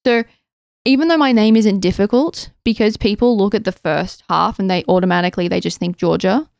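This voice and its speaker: A young woman co-hosting a podcast, reading listener messages and chatting in an animated way. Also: mid-range voice, fairly quick, creaky, dry recording, studio quality. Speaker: podcast co-host. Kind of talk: casual chat.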